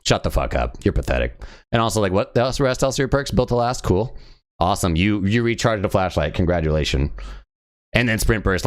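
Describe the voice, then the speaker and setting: Deep-voiced man ranting on a stream. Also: animated, a little fast. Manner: profane, sneering, scornful. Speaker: livestreamer. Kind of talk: live game stream rant.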